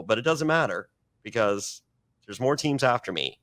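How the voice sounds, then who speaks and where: Brief: man guest, swears freely, rambling anecdote full of restarts, mid-pitched everyday voice. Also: lively intonation, moderate pace, a bit bright. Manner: profane, rambling with many restarts. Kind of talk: casual storytelling interview.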